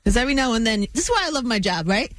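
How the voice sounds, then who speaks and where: A woman hosting live radio from a studio, her pitch swinging freely as she jokes and teases. She talks playfully and with obvious excitement. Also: racing. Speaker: radio host. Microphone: studio microphone.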